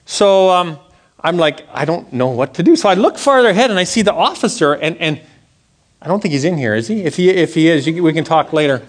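A man stands before his church and preaches, weaving a story from his own week into the sermon. His voice sits somewhat high for a man and leaps up and down as he acts out what people said. He keeps it conversational, asking the room questions as he goes. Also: brisk. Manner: animated storytelling, acts out quotes with big pitch jumps; conversational, asks the audience questions. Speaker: pastor.

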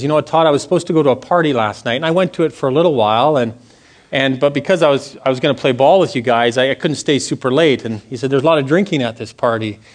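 A man in his forties speaks to a congregation in an earnest, storytelling way. His voice sits at an ordinary middle pitch. At the serious turns of the story he often drops to a hushed tone. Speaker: church speaker sharing a testimony. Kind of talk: sermon testimony.

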